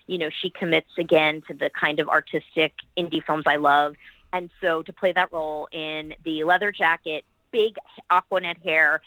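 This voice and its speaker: Bright-toned, gushing actress on a podcast. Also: female voice, low voice, dry recording, rough recording. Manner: enthusiastic, rambling, gushing about colleagues. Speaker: actress and producer guest. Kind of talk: podcast interview talk.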